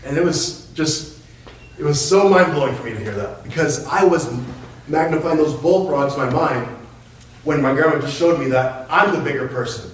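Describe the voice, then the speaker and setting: A man's voice: fairly high pitch, normal speed, a little hiss or hum. A man giving a storytelling motivational speech in a hall, playful and self-mocking, and he laughs often. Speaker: public speaker. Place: hall with an audience. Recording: echoey hall, mic far off.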